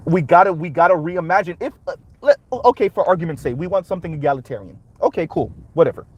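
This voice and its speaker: A man's voice: fairly high pitch, expressive, fast, lo-fi sound. A man hosting a reaction commentary, talking emphatically and punctuating his points with rhetorical "right?"s. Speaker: commentary channel host.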